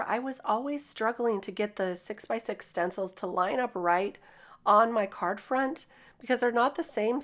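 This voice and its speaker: Raspy-voiced woman narrating a craft tutorial. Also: mid-range voice. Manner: upbeat, chatty step-by-step explaining. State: losing her voice. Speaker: craft video host. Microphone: voice-over mic.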